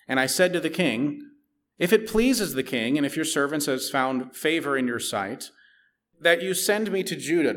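A man's voice: medium pitch, a bit bright. A man giving a Bible teaching, reading scripture aloud and explaining it in a conversational way.

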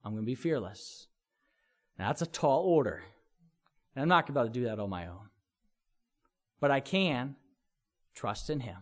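A man preaching a sermon in an earnest, expressive way, throwing in vivid sound words to make his points. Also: mid-range voice, normal speed, long pauses. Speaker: pastor.

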